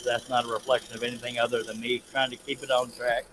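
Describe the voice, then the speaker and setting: A man hosting a casual live stream, folksy and quick to laugh, reading out chat messages. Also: mid-range voice, flat delivery, noisy background. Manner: folksy, laughs often, reads chat aloud.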